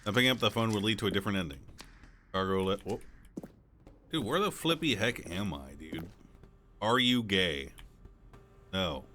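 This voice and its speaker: A man streaming a game, joking crudely and reading game text aloud quickly. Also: deep voice, sharp tone, slight background noise. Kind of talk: casual gameplay commentary.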